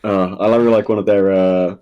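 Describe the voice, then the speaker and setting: A man co-hosting a casual chat about a TV comedy, relaxed and agreeable. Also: low-pitched, moderate pace, clear, resonant tone, dull audio. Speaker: co-host.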